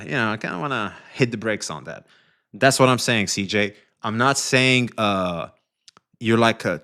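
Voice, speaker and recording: Rambling, foul-mouthed male streamer. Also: lowish voice. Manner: rambling and profane, full of fillers, often trailing off quieter. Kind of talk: casual stream commentary reacting to online drama.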